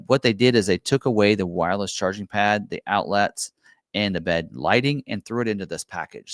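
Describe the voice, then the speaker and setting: A man's voice: low-pitched, dry recording, clean studio sound. A man from a car dealership casually walking through truck packages and prices, with lots of "um" and "for you". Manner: relaxed, filler-heavy, repeats "for you". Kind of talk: casual product walkthrough.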